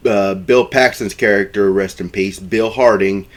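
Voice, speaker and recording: A man's voice: fairly low pitch, fairly even intonation, a little slow. A man casually retelling a film plot, rambling with many fillers and restarts. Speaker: film reviewer.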